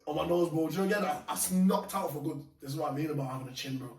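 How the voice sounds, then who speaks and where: A man casually telling animated, slangy stories of fights and bouncer work, laughing often. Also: fairly high pitch, rapid-fire. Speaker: podcast guest. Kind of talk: casual storytelling. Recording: echoey room, mic far off, faint noise.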